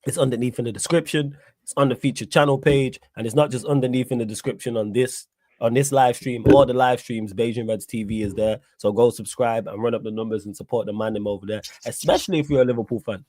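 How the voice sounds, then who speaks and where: A man hosts a live stream, chatting about football in a relaxed, slangy way. His voice sits in a middle pitch and sounds dry and close, with no room echo. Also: quick pace. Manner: laid-back and chatty, with street slang. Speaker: livestream host.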